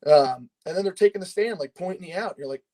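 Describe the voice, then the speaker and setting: A man's voice: sits high, quick pace, a little mellow, rough recording. A man in his thirties from Pennsylvania, a podcast guest telling a long personal story in casual, rambling talk, swearing freely and leaning on fillers.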